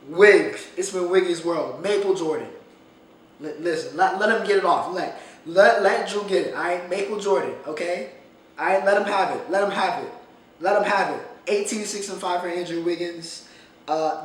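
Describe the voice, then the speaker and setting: A man's voice: a little high, fairly bright tone, recorded from a distance. A man hosting a casual solo podcast, talking animatedly and emphatically, often repeating phrases for effect. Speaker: podcast host. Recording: echoey room, off-mic, faint noise.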